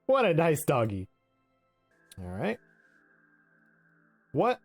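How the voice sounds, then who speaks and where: A man's voice: on the high side, huge pitch swings, takes it slowly, darkish tone, no echo, soft background music. A man giving casual game commentary, chatty and giggly, often restarting his sentences. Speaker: let's play host.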